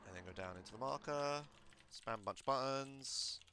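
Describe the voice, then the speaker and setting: A man casually coaching someone through a game run, relaxed and instructive, with lots of fillers. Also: medium pitch, moderate pace, background noise. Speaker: streamer coaching a speedrun.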